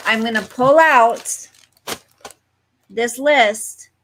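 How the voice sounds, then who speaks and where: A woman's voice: on the high side, a bit bright, a little hiss or hum. A woman hosting a casual livestream from home, chatting with viewers and reading their comments aloud. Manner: chatty, talks straight to viewers, easily distracted. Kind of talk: casual live chat. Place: at home, fireworks outside.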